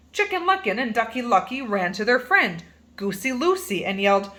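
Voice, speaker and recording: A woman reading a children's picture book aloud in a playful, animated way, stretching words for emphasis. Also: on the high side, moderate pace. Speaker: reader.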